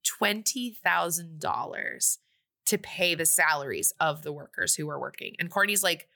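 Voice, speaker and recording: Chatty woman recapping a movie, bright voice. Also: low voice, normal speed, creaky. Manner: chatty, animated retelling with quoted asides. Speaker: podcast co-host.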